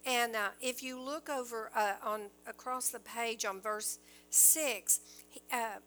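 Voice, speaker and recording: A woman teaches from the Bible in an earnest sermon, reading passages aloud and then explaining them. Her voice is bright and fairly high, and she speaks slowly, pausing and restarting now and then. A faint hum sits under the recording. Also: steady tone, low-quality recording.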